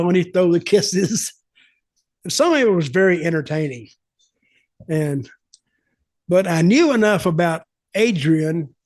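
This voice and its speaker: A man's voice: a little high, no echo, clean studio sound. An older man hosting a podcast who tells rambling, blunt, conversational stories. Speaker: podcast host. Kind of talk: casual storytelling.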